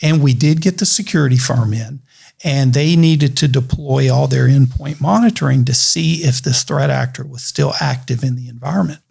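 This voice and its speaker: A man, an attorney guest on a podcast, telling a story in a lively, conversational way with fillers. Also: mid-range voice, moderate pace, gravelly, breathy edge. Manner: animated storyteller with laughs and fillers.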